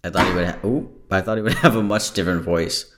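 Very deep-voiced tired podcast host, a man. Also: fairly even intonation, fast talker, background noise. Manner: rambling, joking, easily sidetracked. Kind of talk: casual chat.

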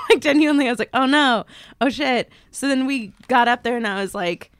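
A woman co-hosting a podcast, telling a story in casual chat and acting out the people she quotes in higher voices. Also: quick pace, no room sound. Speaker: podcast co-host. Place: podcast studio.

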